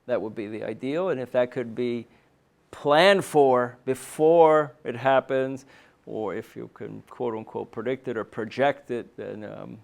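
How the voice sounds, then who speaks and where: A man's voice: lowish voice, vocal fry. Man giving a conversational medical lecture. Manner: conversational, frequent "um" and "right?" tag questions. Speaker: psychiatrist presenting to a medical panel. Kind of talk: conference lecture. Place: meeting room.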